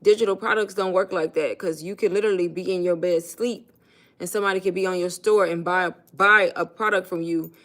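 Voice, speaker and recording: A woman's voice: on the low side, fairly even intonation, fairly quick, a bit bright. A woman chatting casually on a phone livestream, coaching her viewers and calling them "y'all" in loose, informal speech. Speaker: online business coach.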